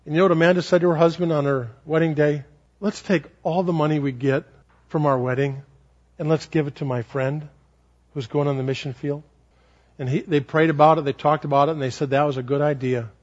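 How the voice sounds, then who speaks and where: A man preaching a sermon, telling stories in an animated way and repeating words for effect. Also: medium pitch. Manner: animated, repetitive. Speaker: pastor. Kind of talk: sermon storytelling. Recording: lo-fi sermon recording.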